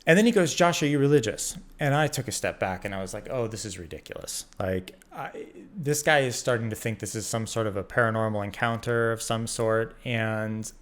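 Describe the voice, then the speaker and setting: A man from the United States in his thirties telling a personal story in a casual, animated way, acting out the quoted voices and using many fillers. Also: lowish voice, brisk, hardly any pauses. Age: 30s. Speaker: vlogger.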